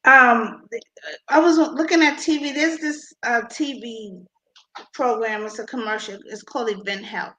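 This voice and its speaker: A woman being interviewed about her invention, talking with many pauses and restarts. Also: a little high, bright, forceful tone, poor audio. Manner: halting, many ums and restarts. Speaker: inventor guest.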